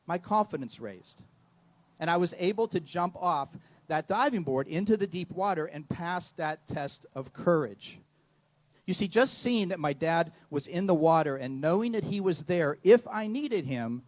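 A man's voice: fairly high pitch, no echo. A middle-aged man preaching a sermon, telling a story in an earnest way and often repeating words. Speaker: pastor.

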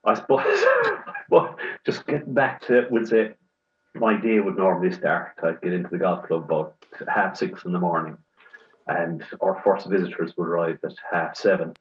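A man's voice: deep voice, moderate pace. An Irish man who works at a golf club, recalling his days in an easygoing way and trailing off mid-thought. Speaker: golf club staff, panel guest. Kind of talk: casual recollection. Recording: dull muffled sound.

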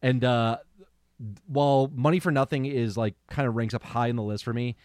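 A man co-hosting a podcast in casual chat, animated and rambling, swearing freely and filling with "like". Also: mid-range voice, moderate pace, no room sound, studio quality. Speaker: podcast co-host.

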